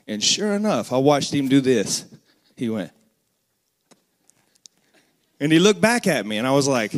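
A man's voice: on the high side, animated, normal speed, pauses often. A man in his thirties preaching a sermon, telling a family story earnestly and rising into emphatic bursts.

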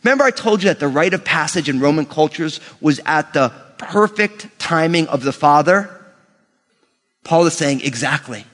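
A male pastor preaching a sermon, telling family stories with animation and slowing down to read scripture. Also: fairly high pitch. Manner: animated storytelling, slows for scripture reading. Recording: long reverb of a large hall.

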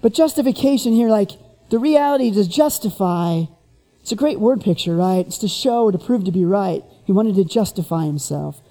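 A preacher giving a sermon, who retells the story in an animated way and keeps asking the listeners rhetorical questions. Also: medium pitch, moderate pace, in a large hall.

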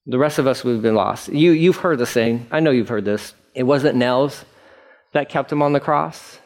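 A male pastor teaching verse by verse, casual and animated, often acting out the mocking voices in the text. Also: mid-range voice, moderate pace. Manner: animated, acts out mocking voices, conversational asides. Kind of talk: verse-by-verse sermon.

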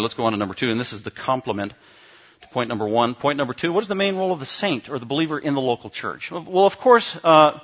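A man's voice: medium pitch, highs cut off. A male pastor preaching a teaching sermon to his congregation, emphatic and given to asking them questions.

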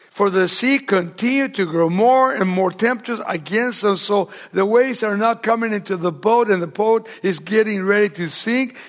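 Sex: man. Role: pastor. Style: verse-by-verse sermon. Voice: high and gravelly, emphatic, rising loud then dropping hushed. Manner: emphatic preaching, swinging between loud and hushed; asks the congregation rhetorical questions.

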